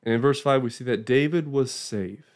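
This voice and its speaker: At a normal speed and medium pitch, a man offers a conversational, informal Bible lesson, often restarting phrases and checking in with "right?"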